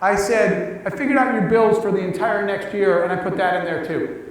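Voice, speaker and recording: A man with a fairly high voice tells a story from a stage and brings each exchange to life by acting out the lines himself. He sounds distant from the mic, and his voice rings through a large, echoey hall with a long reverb. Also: a little fast. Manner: animated, acts out quoted dialogue. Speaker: guest speaker. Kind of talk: storytelling talk to an audience.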